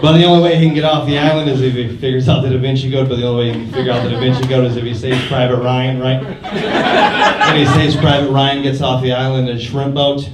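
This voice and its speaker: A young man doing a stand-up set in a comedy club, deadpan with quiet mumbled asides. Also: medium pitch. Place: comedy club stage, live audience. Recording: roomy club audio from a distance, loud noise.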